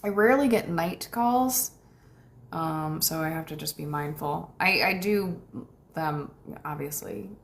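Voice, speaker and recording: An American manifestation coach, a young woman, chats loosely on a livestream, reading out viewer comments and warmly thanking people between soft laughs. Her voice sits low and gravelly, and she keeps a measured pace.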